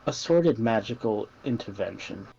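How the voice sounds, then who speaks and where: A man voicing Sister Liliboria, a courteous female nun adventurer who introduces her party in measured, formal speech. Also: lowish voice, lively intonation, gravelly, warm tone, breathy edge, lo-fi sound, soft background music, full character voice. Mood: polite.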